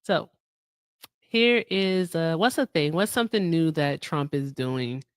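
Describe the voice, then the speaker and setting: A woman hosts a casual live stream, talking straight to her viewers in a slightly low voice. She jokes around and laughs often. The sound is dry and close, with no room echo. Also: unhurried, clean tone. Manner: joking, laughs often, talks to chat. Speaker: livestream host.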